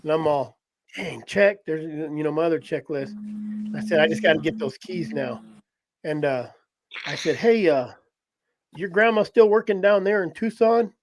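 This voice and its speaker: A podcast host tells a story in casual conversation, speaking at normal speed in a slightly high voice. He's animated, laughs often, and acts out what people said in their own voices.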